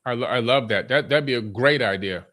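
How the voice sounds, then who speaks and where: A man's voice: mid-range voice, a little fast, sharp tone, in a large hall. A male host in casual livestream chat, joking and giving brief interjections.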